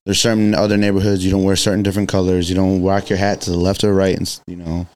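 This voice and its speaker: A man with a lowish, smooth and clear voice, talking casually as a podcast guest. He speaks in relaxed, slangy street talk, easygoing and unhurried in his phrasing. He is from Chicago. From Chicago, USA. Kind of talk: casual chat.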